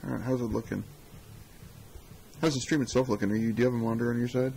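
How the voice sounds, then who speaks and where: A man's voice: mid-range voice, fairly even intonation, fast talker, vocal fry, warm tone, breathy edge, low-quality recording. A man co-hosting a casual live-stream talk show, wry and joking, muttering to himself as he fixes the stream. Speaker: podcast co-host.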